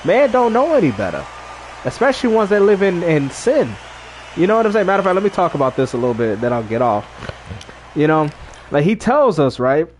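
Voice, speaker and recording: A man's voice: fairly high pitch, big pitch swings, brisk, slight background noise. Emphatic, preachy man streaming games. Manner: preachy and emphatic, talks to chat. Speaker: gaming streamer. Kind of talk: casual livestream talk.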